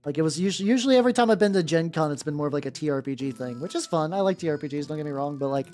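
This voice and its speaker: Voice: mid-range voice, lively intonation, racing, a little mellow. A streamer chatting casually on a livestream while painting miniatures, rambling with many restarts and some swearing. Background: faint background music.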